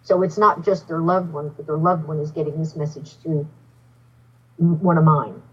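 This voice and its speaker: A woman's low, slightly rough voice comes through a muffled recording made from a distance at normal speed. She's a psychic medium on a podcast, animatedly telling a personal story in a casual style and impersonating the people in it.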